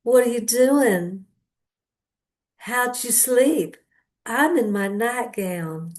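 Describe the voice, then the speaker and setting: A woman voicing a sweet-talking Southern woman on the phone, speaking in a slow, sugary Southern drawl. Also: fairly high pitch, animated, darkish tone, pitched above the performer's own voice.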